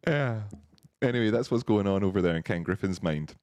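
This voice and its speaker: A man's voice: on the low side, expressive, a little fast, darkish tone, dry recording, studio quality. A man hosting a live stream, chatting casually, laughing often and reading out viewers' messages. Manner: chatty, laughs often, reads chat aloud.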